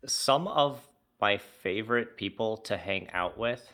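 A man's voice: lowish voice, unhurried, sharp tone. A man co-hosting a podcast, chatting casually and animatedly, with loose phrasing and trailing sentences. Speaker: podcast co-host. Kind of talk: casual conversation.

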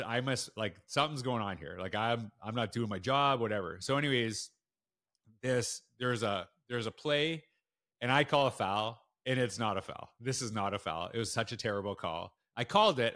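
A man speaking as a podcast guest, recounting his own stories in a casual, animated way. His voice is bright and forceful. He leaps up in pitch when he acts out the people he is quoting. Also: moderate pace. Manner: animated, acts out quotes with big jumps in pitch. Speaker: school principal and guest. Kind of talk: casual storytelling in a podcast interview.

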